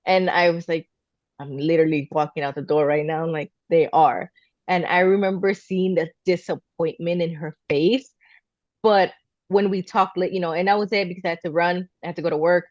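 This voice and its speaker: A woman's voice: lowish voice, moderate pace, dry recording, lo-fi sound. A woman in her thirties co-hosting a podcast, telling a personal story casually and acting out what her family said. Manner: animated, acts out quoted voices of family. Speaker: podcast co-host.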